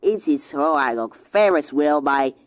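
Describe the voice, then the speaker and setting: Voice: medium pitch, unhurried, natural voice. Rudolf, someone voicing a yelping hiccup-prone cartoon character. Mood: lively. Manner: excitable, full of yelps and exclamations. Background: music.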